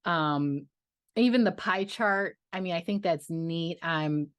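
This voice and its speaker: Woman budgeting vlogger: gushing casual chat, lower voice, dead-dry close recording. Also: slow, no room sound. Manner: chatty and gushing, trailing off, with playful sung interjections.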